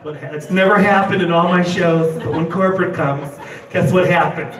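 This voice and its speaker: Animated male comic in an echoey room. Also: fairly high pitch, moderate pace, crowd noise. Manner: animated, laughs through his own lines. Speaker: stand-up comedian. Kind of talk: stand-up storytelling. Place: live comedy venue. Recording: echoey room, distant mic, loud clicks.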